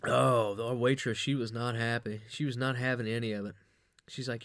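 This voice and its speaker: A man's voice: mid-range voice, little pitch movement, normal speed, fairly bright tone, no room sound, studio quality. A man hosting a podcast, telling a crude, rambling comic story with lots of swearing and bragging. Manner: profane, boastful, loose storytelling. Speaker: podcast host.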